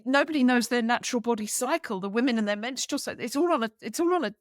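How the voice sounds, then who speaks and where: A woman's voice: fairly high pitch, fast, dry recording, studio quality. A woman, a yoga therapist, chatting casually and acting out the people in her stories. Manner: animated storyteller, acts out quoted dialogue. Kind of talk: casual conversation.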